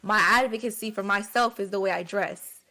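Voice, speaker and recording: A woman talking candidly in a group discussion, slow and hesitant, with many fillers. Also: mid-range voice, sharp tone. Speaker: stream co-host.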